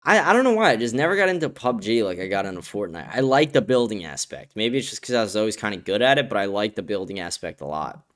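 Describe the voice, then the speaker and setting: A man's voice: fairly low pitch, big pitch swings, quick pace, few pauses. Blunt, profane man hosting a stream. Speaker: host. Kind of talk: casual live-stream commentary.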